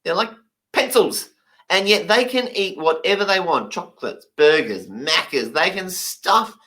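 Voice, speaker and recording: A man voicing a stand-up comedy routine in a lively, emphatic, playful way. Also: sits high, unhurried.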